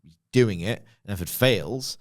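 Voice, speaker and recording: A man's voice: on the low side, measured pace. A man co-hosting a podcast with blunt, dismissive casual commentary. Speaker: podcast co-host.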